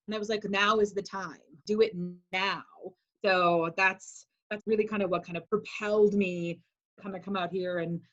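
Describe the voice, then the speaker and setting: A woman in her forties from Wisconsin, a high school teacher telling her story as an interview guest, animating quotes in a chatty way. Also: dull audio. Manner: animated, acts out quoted speech with "like".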